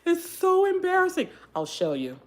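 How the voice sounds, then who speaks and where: A woman chatting casually on her livestream, telling a story while doing her hair, with an animated, lively delivery. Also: normal speed, slight background noise. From Texas area. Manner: animated storyteller, shifts to high voice when quoting shouts. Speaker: livestream host.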